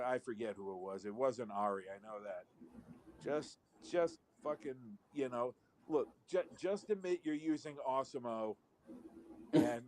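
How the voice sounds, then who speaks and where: A man's voice: medium pitch, slight background noise. A man on a live call-in show, rambling wryly in casual chat and swearing now and then.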